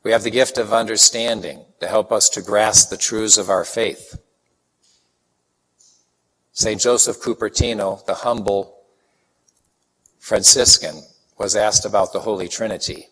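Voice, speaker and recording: Guy from chicago preaching, kinda low voice, folksy storytelling, big hall echo. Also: measured pace, long pauses, slightly rough. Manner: folksy, animated anecdotes with acted-out quotes. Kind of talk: sermon with storytelling. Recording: long hall reverb.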